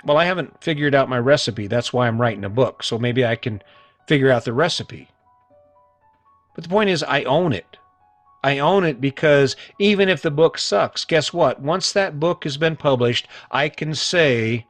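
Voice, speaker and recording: A man's voice: fairly high pitch, expressive, moderate pace, a bit bright, no room sound, faint music behind. A middle-aged man hosting a solo motivational podcast, talking earnestly and emphatically and repeating points for emphasis. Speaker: podcast host.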